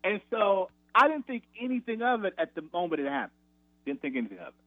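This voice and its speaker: A former college basketball player telling a practice story on a radio interview, animated, acting out the quotes with a raised voice. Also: male voice, high voice, rapid-fire, no echo. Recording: tinny phone line, dry.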